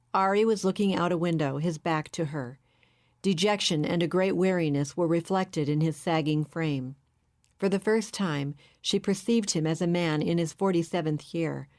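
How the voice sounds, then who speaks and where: A woman reading a novel aloud in steady, measured scripted narration. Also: lowish voice. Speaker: audiobook narrator.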